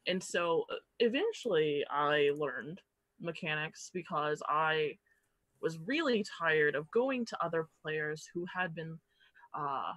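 Animated woman with a bright voice. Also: sits low, slow, dry recording. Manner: animated storyteller, acts out others' lines, swears casually. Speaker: podcast guest. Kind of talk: casual podcast chat.

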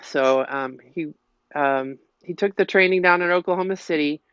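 A woman's voice: low-pitched, moderate pace, a bit bright, clear, resonant tone, dry recording. Chatty middle-aged woman, Minnesota accent. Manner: chatty, rambling storyteller. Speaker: podcast guest, local piper. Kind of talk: casual interview chat. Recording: slightly muffled, dull audio.

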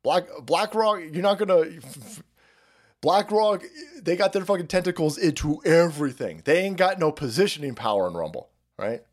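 On a livestream, a man with a fairly high, expressive, darkish voice goes off on a profane political tangent at a moderate pace. He rambles, mocks, stammers, restarts, and laughs at his own jokes, pausing to read out and thank people in chat.

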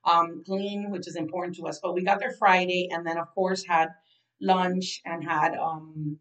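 A woman's voice: on the low side, level tone, normal speed, fairly bright tone, recorded from a distance, low-quality recording. A young woman from Florida, co-hosting a podcast in casual, chatty conversation and repeating her phrases. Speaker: podcast co-host. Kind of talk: casual chat.

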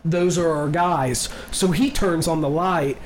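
A man's voice: on the high side, unhurried, a little hiss or hum. Young man telling a wild story. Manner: animated storyteller, acts out quotes, swears often. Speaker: podcast host. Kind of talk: casual chat.

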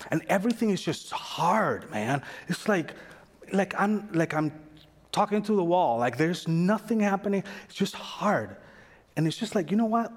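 A man preaching a sermon in a casual, animated way, acting out the voices of figures in the story. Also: a little high. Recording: long hall reverb.

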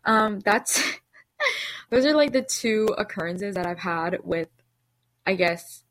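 A woman's voice: medium pitch, expressive, slow, a bit bright, rough recording. A woman hosting her own podcast, telling a personal story in a casual, chatty way, full of "like" and "okay?". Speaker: podcast host.

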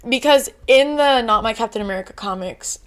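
A young woman co-hosting a casual fan discussion, excitable and quick to squeal when thrilled. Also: on the high side. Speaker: co-host.

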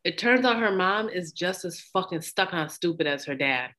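A woman's voice: fairly low pitch, lively intonation, normal speed, bright, forceful tone. A woman co-hosting a podcast, recapping a movie in casual chat, blunt and laughing often as she acts out the characters' lines. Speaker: podcast co-host.

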